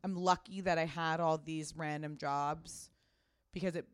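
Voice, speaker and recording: Rambling woman guest with a smooth voice. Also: low voice, steady tone, unhurried, dry recording. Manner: rambling, many fillers, swears casually. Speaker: guest, fashion brand founder. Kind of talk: casual interview chat.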